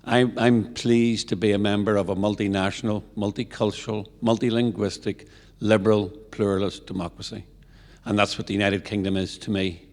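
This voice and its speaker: A man's voice: on the low side, little pitch movement, brisk, darkish tone. A man, speaking up from the audience in an earnest, rambling way with many restarts. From Northern Ireland. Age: 70s. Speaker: audience member. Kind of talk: public Q&A remarks. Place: large lecture hall. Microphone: handheld audience microphone. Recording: long reverb of a lecture hall.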